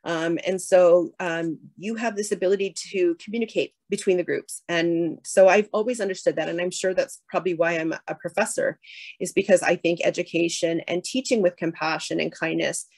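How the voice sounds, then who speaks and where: Middle-aged canadian woman giving a keynote, kinda low voice, lots of ums and restarts, dry close sound. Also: fairly even intonation, moderate pace, a little mellow, dry recording. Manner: candid, hesitant, many fillers and restarts. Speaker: keynote speaker and professor. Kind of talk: keynote speech.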